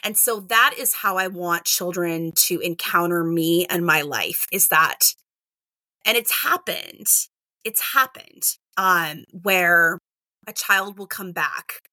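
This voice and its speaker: A middle-aged woman, a kindergarten teacher, talking casually in an interview, animated and acting out quoted exchanges with lots of "like" and "right?". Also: on the low side, slow, dry recording.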